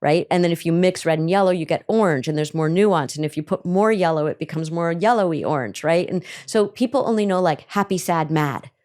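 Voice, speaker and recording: A middle-aged woman therapist answering questions on a podcast, animated and acting out the voices she quotes. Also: fairly low pitch, brisk, hardly any pauses.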